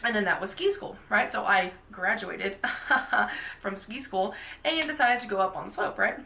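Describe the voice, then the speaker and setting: A woman vlogger spins a casual, self-mocking story in an animated way. Her voice is gravelly with fry and has a bright, forceful edge. The room around her is echoey. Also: fairly high pitch.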